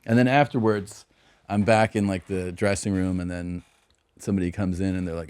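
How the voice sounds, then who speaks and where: Male comic host, somewhat low voice, rambles through stories with fillers, dry studio sound. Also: fairly even intonation, normal speed, darkish tone, smooth, no echo. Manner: loose, rambling storytelling with frequent fillers. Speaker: podcast host; stand-up comedian. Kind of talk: casual chat.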